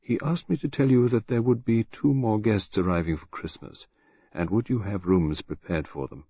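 A man playing a smooth, deferential male servant who speaks in a low, polite murmur. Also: moderate pace, dark tone, no room sound. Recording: dull, dry lo-fi recording.

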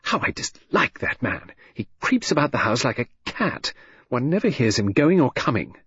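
A man voicing a restless, sharp-tongued middle-aged wife who speaks quickly and with a pointed, ironic edge. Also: medium pitch, very animated, slightly rough, voice pushed up. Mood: vehement. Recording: dull, dry lo-fi recording.

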